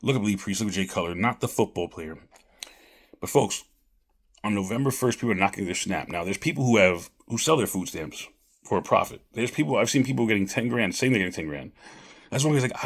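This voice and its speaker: A man's voice: fairly low pitch, fast, husky. A man giving rambling casual political commentary straight to camera, calling his viewers folks. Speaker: vlogger.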